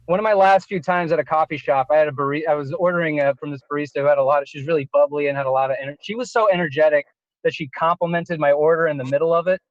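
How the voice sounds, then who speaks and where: Man, stand-up comic, high voice, self-deprecating, dry dull recording. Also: fairly even intonation, racing, no echo. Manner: self-deprecating, laughs at his own story. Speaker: stand-up comedian. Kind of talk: stand-up set.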